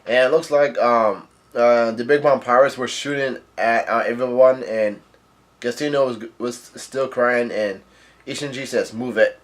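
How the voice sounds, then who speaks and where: Man, casual manga recap, halting, stumbles on names, mid-pitched voice. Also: steady tone. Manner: halting, stumbles over names, narrates dialogue aloud. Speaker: manga reader and video host.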